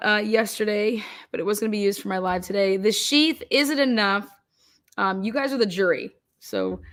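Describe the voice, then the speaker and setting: A young woman hosting a casual livestream, chatting and reacting quickly as she reads out where viewers are from. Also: mid-range voice. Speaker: livestream host.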